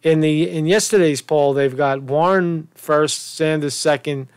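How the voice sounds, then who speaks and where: A man's voice: on the high side, a little slow, smooth, no echo. A man delivering a crude, mocking political rant as a commentary vlogger, swearing often. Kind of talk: profane off-the-cuff political rant.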